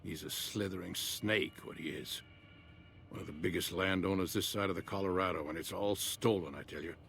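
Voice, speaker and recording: An actor playing a gruff, vengeful old male rancher in a game, with a folksy, blunt drawl. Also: low voice, fairly bright tone, slight background noise. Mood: scornful. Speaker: game character.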